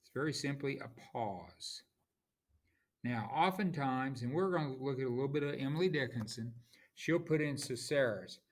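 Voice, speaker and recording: A man teaching a lecture on poetry, speaking haltingly with frequent pauses and restarts, sometimes tapping out rhythms aloud. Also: mid-range voice, animated. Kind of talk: classroom lecture.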